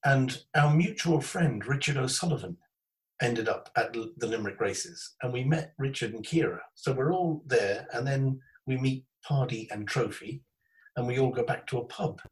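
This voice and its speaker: A man, hosting a podcast and telling rambling, animated anecdotes in casual chat. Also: medium pitch, moderate pace, distant mic, low-quality recording. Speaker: podcast host.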